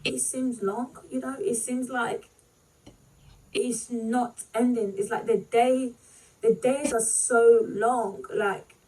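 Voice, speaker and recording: A woman's voice: fairly high pitch, steady tone, dark tone, far from the mic, poor audio. Tearful woman telling a hard story. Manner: halting, full of "like" and "you know". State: fighting back tears. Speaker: vlogger. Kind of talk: personal storytime.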